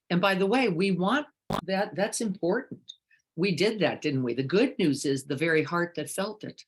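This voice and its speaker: A woman meditation teacher giving a reflective dharma talk, asking many questions and moving between hushed and emphatic moments. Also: fairly low pitch, expressive, normal speed, breathy edge. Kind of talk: reflective dharma talk, reading participant comments.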